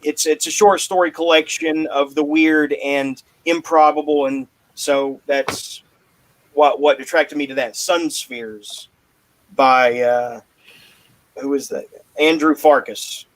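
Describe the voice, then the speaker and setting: Higher-voiced man hosting a chatty podcast. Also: fairly even intonation, takes it slowly, dry recording, rough recording. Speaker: podcast host. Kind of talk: casual chat.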